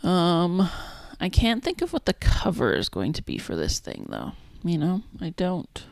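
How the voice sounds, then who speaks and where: A woman casually chatting on a livestream as she makes a zine, thinking out loud and trailing off mid-sentence. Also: on the low side, huge pitch swings, unhurried, gravelly, no room sound. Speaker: zine maker streaming her work. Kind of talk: casual livestream chat while working.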